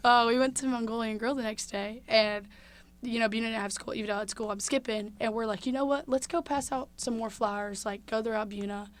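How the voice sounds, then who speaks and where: Young woman telling a story on a podcast, heartfelt, lively, gets hushed and soft at times. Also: on the high side, brisk. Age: young adult. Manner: heartfelt, animated, drops to a hush at tender moments. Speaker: guest. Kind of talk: casual interview storytelling.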